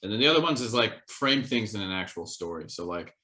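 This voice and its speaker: A man's voice: lowish voice, lively intonation, fast talker, sharp tone. A young man co-hosting a podcast in casual chat, talking in a rambling, hesitant way with lots of fillers. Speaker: podcast co-host.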